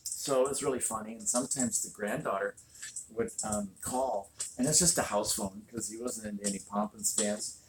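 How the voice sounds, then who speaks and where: A woman's voice: rumbling low, fairly even intonation, normal speed, slight background noise. A woman hosting a casual livestream from home, talking with many fillers and restarts. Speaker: channel host. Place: home room with a fireplace.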